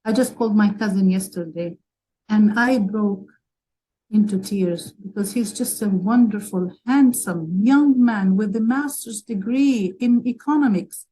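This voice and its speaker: A woman's voice: mid-range voice, measured pace, mellow, poor audio. A woman from Palestine speaking as a webinar panelist, emotional and urgent as she argues for advocacy. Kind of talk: impassioned advocacy talk.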